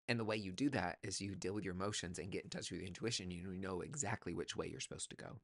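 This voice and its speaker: A sassy man reading tarot in a casual, profane way, calling the listener honey as he pushes them on. His voice sits fairly low, and the sound is dry and close with almost no room. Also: fairly bright tone, dry recording. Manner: emphatic, motivational pep talk. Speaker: tarot reader.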